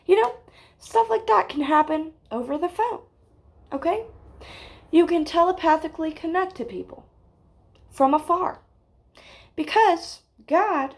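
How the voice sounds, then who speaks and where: A woman with a high voice delivers a mock spiritual lecture at an unhurried, drawn-out pace. She keeps it deadpan and keeps checking in with her listeners with "okay?". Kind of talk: deadpan parody self-help lecture.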